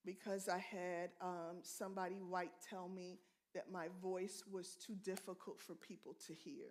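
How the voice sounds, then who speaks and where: A middle-aged American woman with a medium-pitched voice speaks at a church conference. She is direct and candid, telling stories with animated asides.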